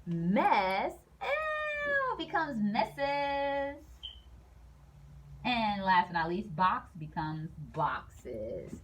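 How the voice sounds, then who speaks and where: Animated woman teaching a grammar lesson. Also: mid-range voice, very slow, background noise. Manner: animated, sing-song, playful voices for example sentences.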